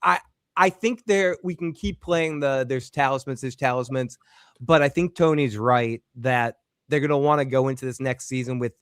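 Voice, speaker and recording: A man's voice: on the high side, moderate pace, a bit bright, clean tone, no room sound. Male host, live reaction stream; clean resonant voice, dry close recording. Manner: reads viewer comments aloud. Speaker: show host.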